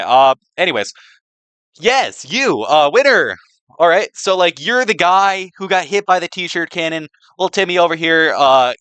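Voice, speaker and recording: A man's voice: medium pitch, fairly bright tone, clear, resonant tone, no room sound. A young man giving a rambling, sarcastic slideshow presentation, packed with "like" and restarts. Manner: filler-heavy, sarcastic, restarts a lot.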